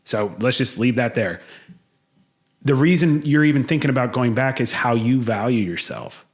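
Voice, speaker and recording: A man's voice: medium pitch, moderate pace. Blunt cussing podcast guy, thirties, gets fired up, normal middle voice. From United States. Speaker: podcast co-host. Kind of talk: casual chat.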